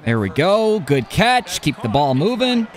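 Excitable young man yelling at his game. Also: a little high, unhurried. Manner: excitable, talks to himself, yells at plays. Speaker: gaming YouTuber. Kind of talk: live gameplay commentary.

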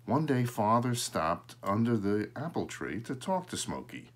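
A man reading a children's story aloud, adding relaxed, chatty asides. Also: lowish voice, a little slow. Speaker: storybook reader.

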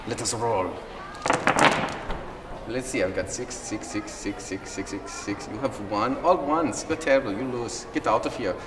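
A man playing a boastful, rude German gamer with a put-on German accent, loud and bossy. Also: fairly low pitch, unhurried, close to an everyday voice. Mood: smug. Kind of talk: comedy sketch acting. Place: large convention hall with gaming tables. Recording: echoey hall, mic far off, noisy.

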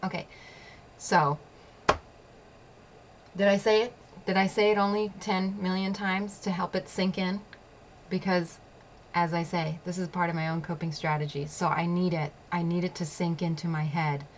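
A woman's voice: lowish voice, flat delivery, normal speed, pauses often, a little hiss or hum. A woman hosting her own show, telling a personal story in a blunt, profane way and laughing often. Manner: repeats phrases for emphasis. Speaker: show host.

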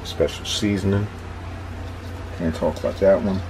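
A man with a Philadelphia accent talks his way through cooking in a loose, chatty vlog manner, often circling back to the same phrase. His voice sits on the low side. Steady background noise runs under the recording. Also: unhurried. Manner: laid-back, chatty, repeats himself. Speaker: cooking vlogger.

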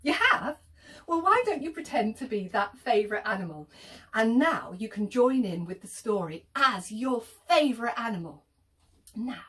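A woman telling an interactive children's story, animated and sing-song, with whispers and gasps for effect. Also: on the high side, normal speed, far from the mic.

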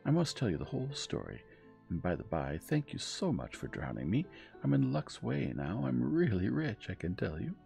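A cheerful young trickster voiced by a man who chatters eagerly and brags about his luck. The voice is pushed up higher than the reader's own, yet stays gravelly underneath. A bedtime storybook reading with faint music behind. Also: wildly swooping pitch, moderate pace, dark tone, full character voice. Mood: boastful.

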